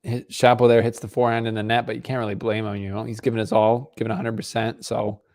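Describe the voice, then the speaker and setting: A man hosts a live watch-along stream with a low, gravelly voice. His commentary is casual and rambling. He drifts between play-by-play and chatting with viewers. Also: flat delivery, fast, a little mellow. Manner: casual, rambling, talks to chat. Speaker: stream host. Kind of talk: live match commentary and chat.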